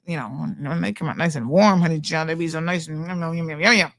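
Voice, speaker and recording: A radio show host in her studio chats casually with listeners, her low voice fairly bright and her delivery fast. She's chatty and playful, reading out messages people have sent in.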